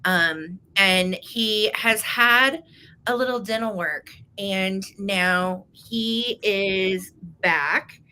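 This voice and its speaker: A woman's voice: medium pitch, very slow, bright, forceful tone, a little hiss or hum. A woman hosting a live vintage sale, chatting casually and greeting viewers by name in an upbeat way. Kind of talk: casual livestream chat.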